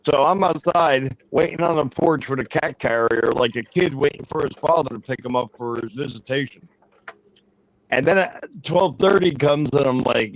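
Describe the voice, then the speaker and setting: A man telling a long, profane anecdote in casual chat, rambling and animated. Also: medium pitch, normal speed, low-quality recording. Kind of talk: casual storytelling.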